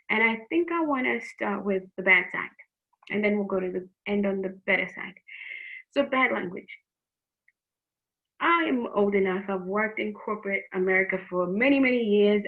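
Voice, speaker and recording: A youth program teacher, a middle-aged woman with a gravelly, medium-pitched voice, gives a faith-based talk to teens. She speaks earnestly and frankly, frequently repeating words while offering advice, and the audio comes through thin and phone-like.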